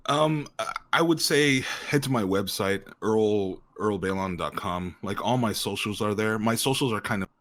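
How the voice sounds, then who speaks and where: A man's voice: fairly low pitch, normal speed, hardly any pauses, fairly bright tone. A man being interviewed as an actor guest, talking in a rambling, casual way with many fillers and frequent laughter.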